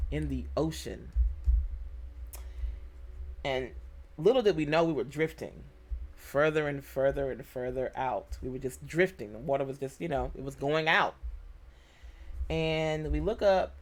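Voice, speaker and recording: A woman vlogger casually telling a personal story, animated and emotional, acting out quoted exchanges. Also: low-pitched.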